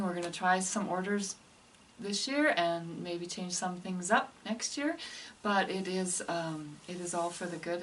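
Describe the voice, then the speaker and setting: Captured on a distant mic with a little hiss or hum, a woman with a lowish voice gives a casual walkthrough for other teachers. She's a music teacher trainer explaining, in a chatty way, how to teach piano pieces and slurs.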